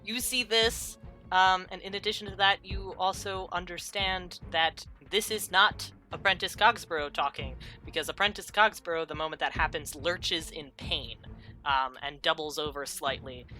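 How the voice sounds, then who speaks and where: Young woman running a tabletop game, low voice but bright, lots of ums, faint music. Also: steady tone, normal speed, rough recording. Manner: rambling, filler-heavy description with laughs. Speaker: game master.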